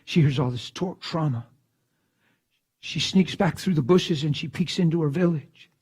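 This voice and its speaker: A man preaching, telling a story in a hushed voice and then breaking into shouted bursts. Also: fairly high pitch, moderate pace, slightly rough. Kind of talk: sermon storytelling.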